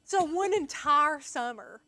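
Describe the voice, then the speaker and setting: A young woman with a high, bright voice rambles through stories in a casual chat, acting out what others said and laughing as she goes. The sound is dry and close, with no room behind her. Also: animated, slow pace, dry recording. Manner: chatty storyteller, acts out quotes, laughs often. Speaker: co-host.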